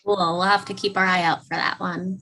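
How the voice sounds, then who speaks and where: A woman hosting a podcast interview, upbeat and quick to laugh. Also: fairly low pitch, flat delivery, sharp tone, poor audio. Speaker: podcast host. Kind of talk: casual interview chat.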